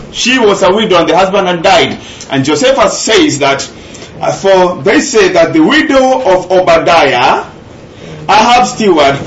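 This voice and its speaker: A man's voice: on the high side, echoey room, highs cut off, slight background noise. A man preaching a sermon, teaching earnestly and repeating key phrases for emphasis. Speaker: pastor.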